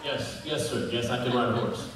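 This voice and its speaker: A man at a convention panel telling comic stories in an animated, jokey way. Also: mid-range voice, normal speed. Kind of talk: convention Q&A storytelling. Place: large convention hall. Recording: echoey hall from far off, crowd noise.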